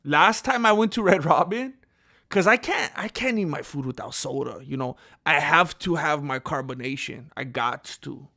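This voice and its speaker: A man hosting a livestream, chatting casually and excitedly in slangy, animated storytelling. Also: a little high, moderate pace, vocal fry. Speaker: livestream host.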